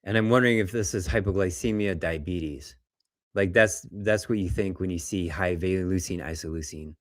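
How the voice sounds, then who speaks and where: A man, a doctor, presenting lab results in a lecture, telling patient stories in a conversational, animated way and acting out what patients said. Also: deep voice, normal speed, dry recording, clean studio sound. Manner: conversational, animated storytelling, acts out patients' words.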